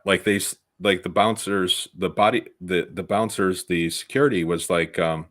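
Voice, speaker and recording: Very deep-voiced middle-aged man chatting. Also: normal speed, fairly bright tone. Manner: rambling, with many fillers and restarts. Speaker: concert photographer and co-host. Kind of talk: casual storytelling chat.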